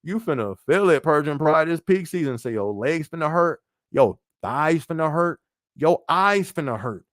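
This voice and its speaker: A man's voice: fairly high pitch, normal speed, dry recording, studio quality. Laid-back man hosting a live chat. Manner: relaxed, laughs often, reads viewer comments aloud. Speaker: podcast host. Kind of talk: casual live-stream chat.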